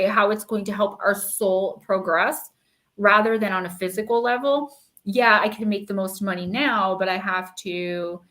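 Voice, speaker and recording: A woman hosting a live-stream oracle card reading, talking in a loose, chatty way full of fillers. She reads the card meanings aloud at an ordinary mid pitch. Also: a bit bright.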